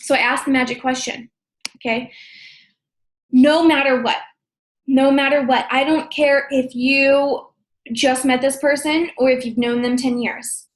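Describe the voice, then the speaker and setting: High-voiced upbeat woman coaching her team. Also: fairly even intonation. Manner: upbeat, talks fast with frequent "okay?" check-ins. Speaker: team leader training sales associates. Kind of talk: casual training talk. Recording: echoey room.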